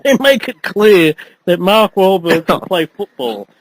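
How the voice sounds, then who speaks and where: Man, podcast co-host, keeps laughing, high lively voice, noisy recording. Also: a little slow. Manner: laughs often, rambling, acts out characters. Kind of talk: casual movie review chat.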